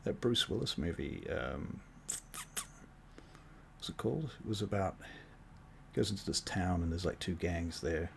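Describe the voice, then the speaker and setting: A man's voice: low-pitched, a little slow, creaky, long pauses, a little hiss or hum. A man running a tabletop game as game master, casual and joking. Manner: relaxed, joking, many fillers.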